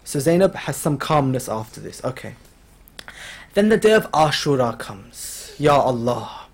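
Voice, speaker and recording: Storytelling through a mourning sermon, a male religious speaker voices the story's figures, his emotion building as he goes. His mid-range voice is slightly rough and very animated, paced in a measured way, in a lecture hall.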